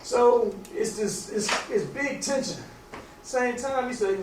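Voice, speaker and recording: A man's voice: very high voice, slow. A man casually telling a long story aloud, rambling with many restarts and loose grammar. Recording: roomy, distant, faint background noise.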